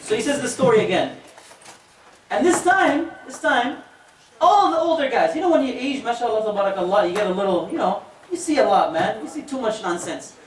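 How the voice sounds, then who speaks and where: An animated preacher tells a story and jokes with his listeners. His voice is heard from a distance in an echoey mosque hall, with faint noise behind it. His pitch sits in the middle range. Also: brisk. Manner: animated, joking asides to the audience. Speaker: imam giving a talk. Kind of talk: storytelling sermon.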